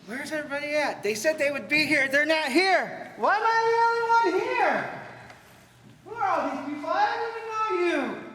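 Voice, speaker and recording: A man volunteer improvises an exasperated scene, calling out loudly. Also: very high voice, expressive, brisk, a little hiss or hum. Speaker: audience volunteer. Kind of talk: improvised acting. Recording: echoey hall, far from mic.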